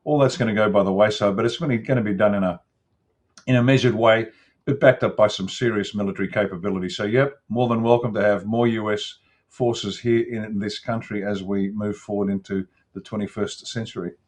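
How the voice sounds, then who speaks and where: An older Australian man, a guest commentator, talking emphatically in an interview, with restarts and throat clearing. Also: on the low side, steady tone, brisk. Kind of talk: opinionated interview talk.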